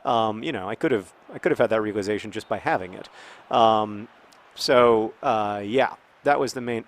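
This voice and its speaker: A man in his thirties talking casually and rambling with many restarts while he plays a football video game, now and then breaking into excited outcries at the match. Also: fairly low pitch, moderate pace. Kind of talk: casual gameplay talk while discussing a topic.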